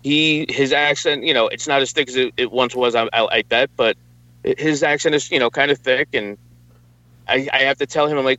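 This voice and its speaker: A man's voice: mid-range voice, fairly even intonation, a little fast, bright, forceful tone, dry recording, highs cut off. An American man co-hosting a casual podcast, rambling and stammering with crude swearing. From United States. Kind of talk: casual chat.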